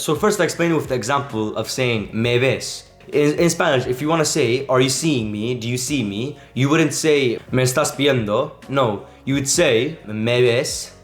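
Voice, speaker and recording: An energetic male language coach talks through grammar rules with emphatic repetition and quick restarts. His medium-pitched voice rings in a roomy space, with faint music underneath. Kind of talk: casual explanatory lesson.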